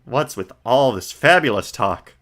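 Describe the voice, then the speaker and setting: A man reading a young male defense lawyer from a video game in a flat, deadpan monotone. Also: medium pitch, unhurried.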